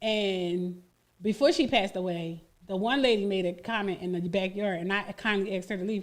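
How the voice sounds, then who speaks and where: A woman co-hosting a radio talk show, telling stories in a blunt, profane, animated way. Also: medium pitch, moderate pace. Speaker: radio co-host. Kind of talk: casual chat.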